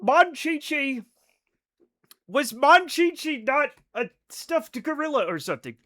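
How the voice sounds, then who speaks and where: A man livestreaming a space game, chatting casually with viewers, excitable and rambling with plenty of swearing. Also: very high voice, slow. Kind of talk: casual chat with stream viewers. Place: home at night.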